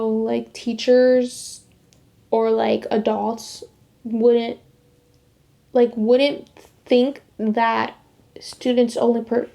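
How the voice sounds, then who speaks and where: A woman's voice: fairly high pitch, vocal fry, dark tone. A young adult woman casually telling a personal story, rambling with lots of "like" fillers and restarts. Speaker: vlogger sharing her faith testimony.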